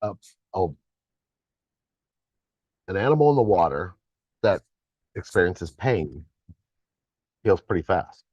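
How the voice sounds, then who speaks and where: A man's voice: low voice, very animated, slow, long pauses, a little mellow, breathy edge, no echo, muffled recording. A man co-hosting a casual live spiritual chat stream, laughing often and trailing off mid-thought.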